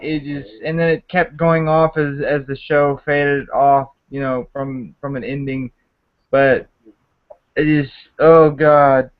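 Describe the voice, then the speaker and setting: A man's voice: on the high side, smooth. A man on a casual review panel, complaining in an exasperated, profane way. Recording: dull lo-fi audio.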